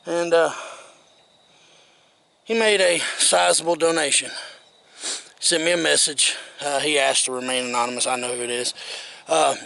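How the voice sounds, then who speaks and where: A man's voice: a little high, fairly even intonation, normal speed, vocal fry, pauses often, bright, forceful tone. A man vlogging in a casual, folksy and earnest way, out of breath after working. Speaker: outdoor vlogger. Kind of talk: casual vlog talk.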